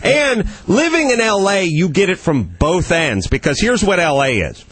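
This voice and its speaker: A male radio host in full rant, loud and heated as he works himself up. His voice sits a bit high for a man. He comes across animated and fired up. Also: moderate pace, slightly rough, dry recording. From Southern California.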